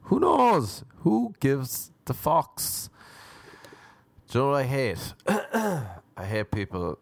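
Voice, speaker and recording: A man's voice: medium pitch, huge pitch swings, slow pace, creaky, no room sound. A man hosting a podcast, riffing in a crude, sarcastic comedic monologue full of mocking impressions. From abroad, living in America. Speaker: podcast host.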